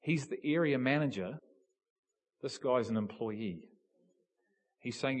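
A man from New preaches with a mid-pitched voice. He tells stories with animated energy and pushes to loud, emphatic peaks. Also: unhurried, pauses often. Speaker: pastor. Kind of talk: sermon.

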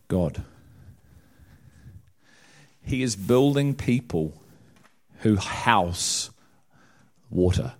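A man preaching a sermon, recounting a vision calmly at first, then building to loud, drawn-out preaching. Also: on the low side. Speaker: pastor.

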